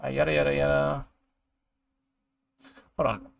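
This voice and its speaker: Reading a review aloud, this streamer rants and swears in exasperation before trailing off mid-sentence. His fairly high voice barely moves in pitch, comes out unhurried with vocal fry, and the lo-fi recording has no room sound.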